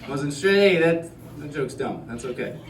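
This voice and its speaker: A male stand-up comedian telling a rambling, self-deprecating set in deadpan. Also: on the high side, moderate pace, distant mic, slight background noise. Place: comedy club stage. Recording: roomy club sound with crowd laughter.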